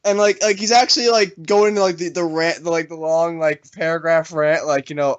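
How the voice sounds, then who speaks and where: A man's voice: a little high, steady tone, fairly quick, hardly any pauses. A man co-hosting a casual fan podcast, rambling through a story with many fillers. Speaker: podcast co-host. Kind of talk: casual chat.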